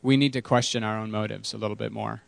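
A man's voice: lowish voice, fairly even intonation, quick pace, creaky, no room sound. A man preaching a casual sermon to his congregation, candid and self-deprecating, repeating key words for emphasis. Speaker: pastor.

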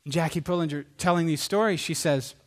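A middle-aged man preaching a sermon, animated, asking rhetorical questions and acting out quoted voices. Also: a little high, fast talker.

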